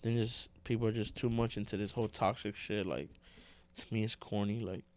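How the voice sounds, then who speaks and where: A man co-hosting a casual podcast, talking in an animated, slangy way and saying "bro" a lot. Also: lowish voice, fairly quick. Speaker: podcast co-host.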